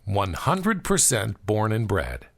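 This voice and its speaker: A man's voice: fairly low pitch, wildly swooping pitch, takes it slowly, creaky, fairly bright tone, exaggerated voice. A man voicing a spirited, independent young woman, putting on an American country accent in a teasing, defiant way. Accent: put-on American country accent.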